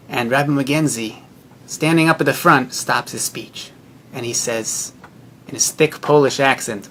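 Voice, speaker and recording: A young man who is a rabbinical student, telling a personal story in an earnest, measured and reflective way. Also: mid-range voice, bright, forceful tone.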